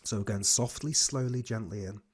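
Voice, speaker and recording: A man leading a guided breathing class on a video call, giving slow, soothing cues. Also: lowish voice, slightly rough. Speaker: breathwork coach.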